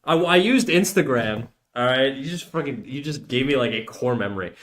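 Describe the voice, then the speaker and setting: A man's voice: medium pitch, expressive, moderate pace, a bit bright. A young man streaming while drawing, chatting with viewers in a joking, ranting way with lots of swearing. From United States. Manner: ranting, joking, heavy swearing, mock outrage.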